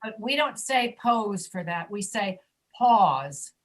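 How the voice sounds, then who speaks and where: Over a video call, a woman runs an online pronunciation class, patiently correcting students and modeling sounds slowly. Her voice is medium-pitched with a fairly bright tone.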